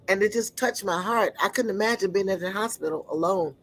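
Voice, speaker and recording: A woman giving an earnest personal testimony, often pausing to search for words. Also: medium pitch, rough recording.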